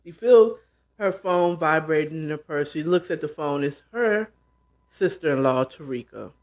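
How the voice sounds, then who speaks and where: A woman host casually retelling a novel she's reading, with chatty, animated asides. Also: low-pitched, normal speed. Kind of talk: casual book retelling and commentary.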